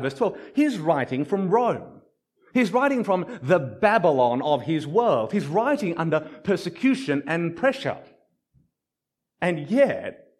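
Male preacher mid-sermon, lively swoops in pitch, hammers phrases by repeating them. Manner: emphatic repetition, drops low and slow on key phrases. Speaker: pastor.

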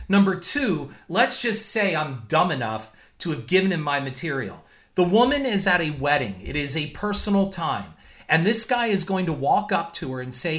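Telling career stories on his own show, this filmmaker and host sounds emphatic, firm and indignant, ticking off his points one by one in numbered order. His voice is a little high, bright and forceful, with a sing-song lilt at normal speed.

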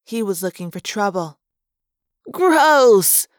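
A woman reads a story aloud in first person, expressive and acting out the action as she goes. Her voice sits somewhat high, recorded close and dry with no room sound. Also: measured pace, no room sound. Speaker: narrator. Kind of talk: first-person audiobook narration.

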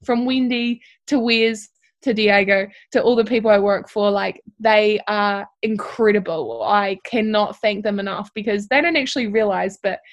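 A woman's voice: medium pitch, steady tone, normal speed. A young woman, an apprentice telling a candid, emotional personal story full of "like" and "you know.". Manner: candid and heartfelt, with lots of fillers like "like" and "you know". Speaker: apprentice tradesperson, guest.

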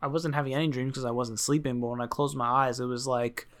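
A man co-hosting a podcast, giving short, relaxed replies in casual chat. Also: mid-range voice, fast. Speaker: podcast co-host.

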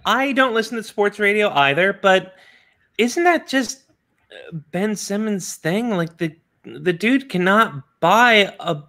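A woman co-hosting a podcast in casual chat, halting with fillers and laughing easily. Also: medium pitch, animated, a bit bright. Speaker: podcast co-host.

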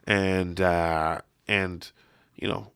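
A man's voice: low-pitched, fairly even intonation, extremely slow, vocal fry, a bit bright, smooth, dry recording, clean studio sound. A man hosting a podcast in casual chat, rambling and jokey with lots of fillers. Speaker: podcast host.

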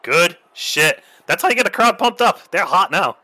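A man's voice: sits high, expressive, moderate pace, bright, forceful tone, dry recording. A man co-hosting a casual watch-along podcast, trading wisecracks and laughing at his own jokes. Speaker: podcast co-host.

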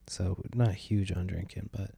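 A man's voice: low voice, fairly even intonation, a little slow, gravelly, warm tone, breathy edge, dry recording. A young adult man hosting a casual solo podcast, rambling and complaining with lots of swearing and a sardonic edge. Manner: profane, rambling, meandering. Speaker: podcast host. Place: sitting at home by a window.

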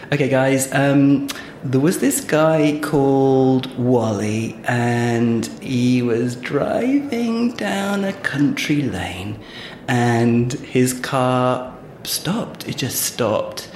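Guy hamming up a bad joke, mid pitch, roomy echo and a bit of hiss. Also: lively intonation, a little mellow. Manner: chatty, giggly, drawn-out storytelling. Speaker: podcast co-host. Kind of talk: playful comedy banter and joke telling. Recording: echoey room with faint noise.

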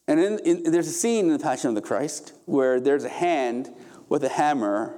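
A man preaching a sermon as pastor, passionate and emphatic, climbing to forceful peaks and then dropping to a softer, calmer tone. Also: a little high.

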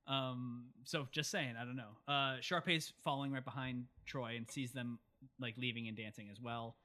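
A man's voice: mid-range voice, moderate pace. A young man co-hosting a podcast, chatting casually and acting out characters' lines as he recaps a story. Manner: animated, acts out characters' lines. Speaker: podcast co-host.

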